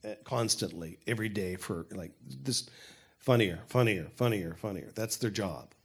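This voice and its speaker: An older man with a fairly low voice answers questions as a showrunner. He talks frankly, stopping and restarting his sentences as he thinks aloud. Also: moderate pace, husky. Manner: rambling, self-correcting, frank. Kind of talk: panel Q&A talk.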